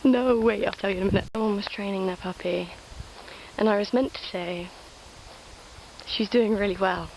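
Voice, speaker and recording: A young woman chatting casually in a vlog, soft, giggly and confiding. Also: medium pitch, fairly quick, gravelly, a little hiss or hum, rough recording. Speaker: vlogger.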